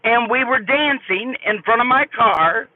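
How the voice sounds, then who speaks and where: An older woman streaming live, telling a story to her chat in an animated, folksy way. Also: fairly high pitch, unhurried, no room sound. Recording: tinny phone-like dry audio.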